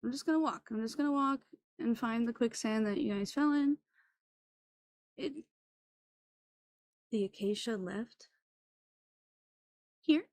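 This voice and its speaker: A woman's voice: a little high, measured pace, pauses often, darkish tone, dry recording. A woman talking through a live game, anxious and emotional, close to tears and repeating herself. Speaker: gamer. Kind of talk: live gameplay talk.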